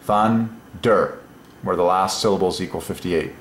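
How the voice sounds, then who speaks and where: A man with a slightly low voice talks through puzzles by himself, marveling aloud and chuckling as he goes. The room around him is roomy and echoey, with a faint hum of ambience underneath. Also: measured pace. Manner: enthusiastic, marvels aloud, chuckles between points. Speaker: solo presenter of word-number puzzles. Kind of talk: excited thinking-aloud monologue.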